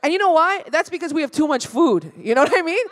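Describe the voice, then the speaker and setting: A woman's voice: high voice, very animated, quick pace. A woman doing a stand-up set at a live venue, brash and profane, teasing the crowd. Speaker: stand-up comedian.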